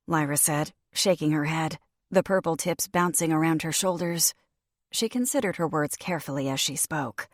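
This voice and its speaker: A woman narrating a fantasy audiobook in the first person, in a measured, even reading. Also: deep voice, dry recording, clean studio sound. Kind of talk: scripted narration.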